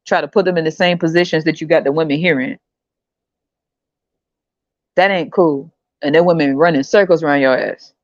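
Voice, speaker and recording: A woman's voice: low voice, darkish tone, dry recording. A woman hosting a podcast, talking bluntly and mockingly with plenty of profanity, in a dull, dry lo-fi recording. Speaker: podcast host. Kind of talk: casual commentary monologue.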